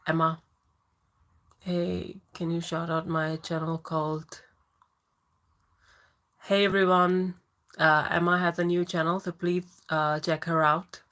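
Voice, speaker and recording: A chatty woman who moved to the UK from abroad hosts a live Q&A stream, answering viewer questions in a casual, rambling way, reading out comments and greeting people by name. Her voice is lowish and a bit bright, with a level tone and a slow pace broken by frequent pauses.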